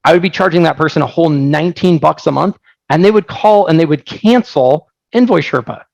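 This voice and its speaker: Man, gravelly fry, fairly high voice, joking storyteller, casual webinar demo. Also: fairly quick, dry recording, low-quality recording. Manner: energetic, joking, storytelling with many asides. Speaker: software founder presenting on a webinar. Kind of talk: casual live product presentation.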